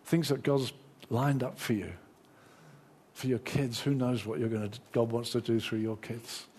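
A middle-aged man preaching a lively sermon, acting out the inner voices of his listeners. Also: medium pitch, moderate pace, a little hiss or hum.

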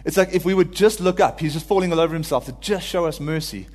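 Man, preacher, slightly high voice, earnest and heartfelt, long hall reverb. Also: fast, a little mellow. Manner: earnest, builds to pleading cries when quoting. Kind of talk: informal sermon.

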